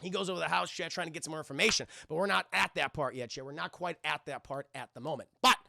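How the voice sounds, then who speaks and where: High, gravelly, profane streamer. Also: male voice, fast talker, pushed and bright, dry recording, clean studio sound. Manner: profane, rambling, keeps addressing chat. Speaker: film reviewer streaming to chat. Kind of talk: casual scene-by-scene film recap.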